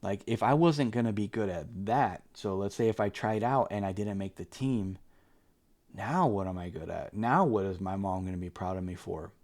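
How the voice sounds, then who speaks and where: A man's voice: fairly low pitch, normal speed, a little mellow. A man giving a casual, candid book review, rambling with lots of fillers and restarts and turning earnest when he urges viewers. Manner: earnest and emphatic when urging.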